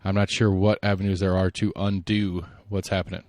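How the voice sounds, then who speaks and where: A man hosting a solo podcast, giving rambling, opinionated political commentary and thinking out loud. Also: sits low, level tone, fairly quick, no room sound, clean studio sound. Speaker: podcast host.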